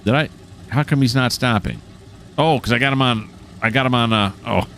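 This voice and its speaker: A man's voice: mid-range voice, expressive, brisk, fairly bright tone. A man casually commenting on a train simulator game as he plays, thinking aloud in a chatty, self-mocking way. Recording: game engine noise behind the voice.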